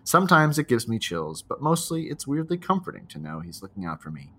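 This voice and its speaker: A man's voice: mid-range voice, very animated, fairly quick, bright, forceful tone, slightly rough. A man co-hosting a podcast, reading a listener's spooky story aloud and chatting, laughing often. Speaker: podcast co-host.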